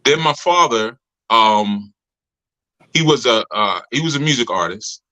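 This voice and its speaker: A man's voice: mid-range voice, animated, unhurried, pushed and bright, poor audio. A man giving a casual, story-filled talk to his community, who laughs often and speaks in a loose colloquial way. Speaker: community leader speaking to members.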